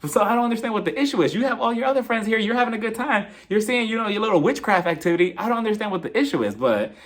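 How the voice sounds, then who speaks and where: Male recap YouTuber, sassy, gossipy, very lively pitch. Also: rapid-fire. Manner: animated, sassy, jumps into impressions.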